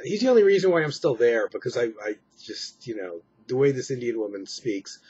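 A very husky, breathy man talks at a middle pitch, worn out and rambling through a late-night update. He stops and restarts often and fills gaps with ums. The home recording sounds dull and lo-fi. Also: a little mellow. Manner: rambling, weary, with many fillers and restarts. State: exhausted. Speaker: vlogger.

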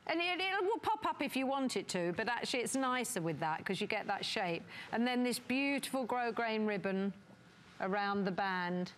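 A woman's voice: fairly high pitch, lively intonation, moderate pace, a bit bright. A woman guest designer chatting on live TV, enthusing about her clothes and asking a caller friendly questions. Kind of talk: casual chat on live TV.

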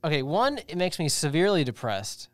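A young man co-hosting a podcast in casual chat, laughing often and breaking in with halting remarks. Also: a little high, big pitch swings, dry recording. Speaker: podcast co-host.

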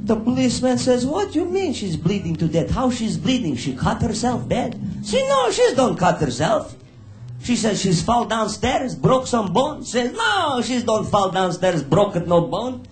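A man tells rough, profane jokes on stage in broken English. His voice sits high and swings widely up and down. The live recording carries a lot of noise. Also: sing-song, moderate pace. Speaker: stand-up comedian. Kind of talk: live stand-up storytelling.

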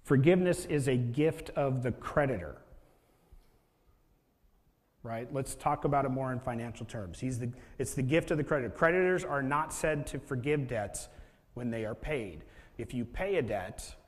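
A man's voice: mid-range voice, moderate pace. A male pastor giving a conversational sermon and often asking the listeners rhetorical questions. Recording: long hall reverb.

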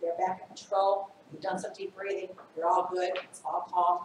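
A woman in her fifties presenting a training workshop, animated and acting out scenes as she talks. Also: mid-range voice, a little slow, a little hiss or hum. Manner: animated, acts out scenarios. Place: school training room. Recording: echoey room from far off.

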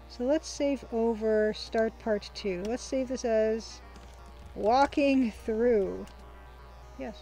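A woman's voice: fairly high pitch, gravelly, warm tone, rough recording. A woman hosting a let's play, chatting casually, reading the game's text aloud and laughing often. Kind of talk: casual gameplay commentary.

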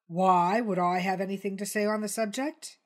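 A woman's voice: medium pitch, steady tone, moderate pace, close to an everyday voice. A woman voicing a pompous, huffy male T-Rex who runs a jungle publishing business, blustering and indignant.

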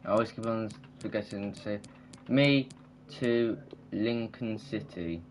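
A man's voice: fairly low pitch, measured pace. A man chatting casually while playing a football video game, rambling and trailing off mid-sentence. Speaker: gamer. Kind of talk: casual gaming chat.

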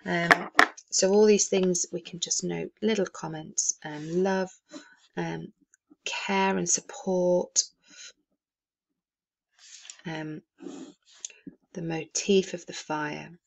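A woman teacher walking students through a classic novel in a recorded lesson, speaking in a lowish voice. She fills her pauses with frequent "um"s as she explains. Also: steady tone, creaky. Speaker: English teacher.

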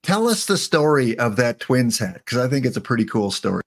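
A man hosting a casual stream chat, asking questions in an easygoing, halting way. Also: medium pitch, sing-song. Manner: easygoing, hesitant interviewer. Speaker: host.

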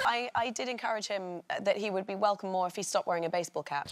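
A woman's voice: mid-range voice, fast talker, pauses often, a little hiss or hum. A woman in her thirties with an English accent, a talk show guest chatting playfully and laughing at herself. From England. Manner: playful, self-mocking, laughs often. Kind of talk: casual chat. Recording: studio audience laughter behind.

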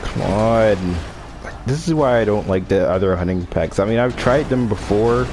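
A man's voice: on the low side, normal speed, background noise. A man giving gameplay commentary on his own video, often groaning in exasperation at his friend. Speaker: gaming video creator.

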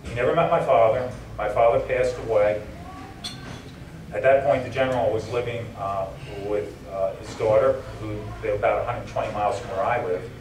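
A man's voice: on the low side, steady tone, moderate pace, noisy background. A man giving an emotional keynote speech at a banquet, telling personal stories with a voice that drops and catches at tender moments. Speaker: keynote speaker. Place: banquet hall. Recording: roomy hall recording from a distance.

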